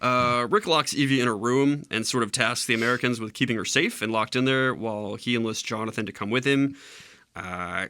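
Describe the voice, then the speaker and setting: A man co-hosting a casual movie podcast, recapping the plot with lots of filler words and quick chuckles. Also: medium pitch, bright, forceful tone, clear, resonant tone, dry recording. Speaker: podcast co-host.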